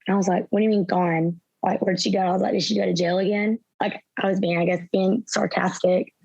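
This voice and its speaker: A woman's voice: medium pitch, fairly even intonation, a little fast, gravelly, a little mellow, breathy edge, dry recording. Young woman telling her story, dull dry sound. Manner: retells events through quoted dialogue, many "I was like". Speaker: interview guest. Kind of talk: personal storytelling in an interview.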